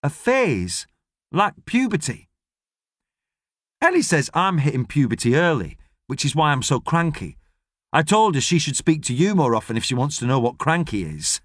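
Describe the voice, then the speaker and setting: A man voicing an excitable, cranky young schoolboy who blurts out questions. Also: a little high, normal speed, no echo, clean studio sound, exaggerated voice. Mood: excited.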